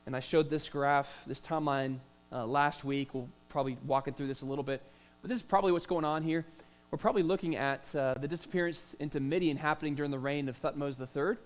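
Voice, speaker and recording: Higher-voiced male pastor preaching. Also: fairly even intonation, quick pace, low-quality recording. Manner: conversational preaching with rhetorical questions and frequent "uh" fillers; restarts and repeats words. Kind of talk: sermon.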